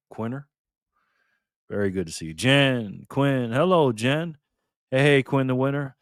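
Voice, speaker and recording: A man's voice: mid-range voice, fairly bright tone, dry recording, clean studio sound. A man hosting a casual live stream, greeting viewers by name in a loose, chatty way with plenty of fillers. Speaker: live stream host reading chat.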